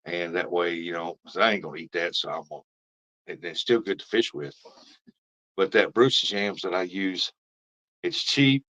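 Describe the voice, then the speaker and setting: A man's voice: deep voice, moderate pace, long pauses, pushed and bright. A man hosting a live fishing stream, chatting casually and rambling as he reads out viewer comments. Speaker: fishing livestream host. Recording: dull lo-fi stream audio.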